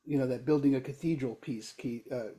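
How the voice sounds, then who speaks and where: A male podcast co-host with a mid-range, dark-toned voice tells a long parable at a fairly quick clip. The conversation is casual, and his delivery is emphatic, with the occasional swear word.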